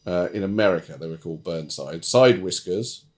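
A man's voice: sits low, expressive, a little fast. A man co-hosting a podcast from a room at home, rambling and wry in casual chat. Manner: rambling, wry, self-deprecating. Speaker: podcast co-host.

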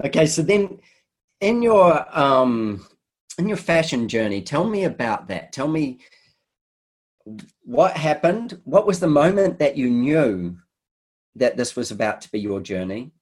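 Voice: mid-range voice, sing-song, unhurried, husky. An interview host with a mid-range voice draws out a guest's story with enthusiastic, chatty questions. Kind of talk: casual interview.

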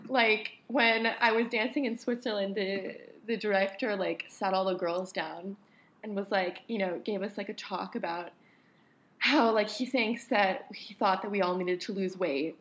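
A woman's voice: mid-range voice, steady tone, normal speed, fairly bright tone, low-quality recording. A young adult woman telling stories animatedly in a casual podcast chat, with heavy use of "like". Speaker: podcast co-host and ballet dancer.

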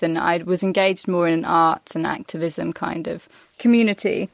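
A woman's voice: fairly low pitch, no room sound. Black country woman, faint accent, podcast cohost, keen, dry close mic. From Black Country, England. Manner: enthusiastic, reflective. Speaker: podcast co-host. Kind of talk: casual podcast chat.

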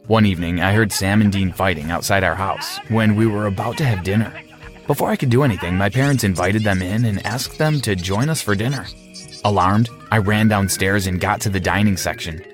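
A young man narrating a first-person story in a steady storytelling manner. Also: on the low side.

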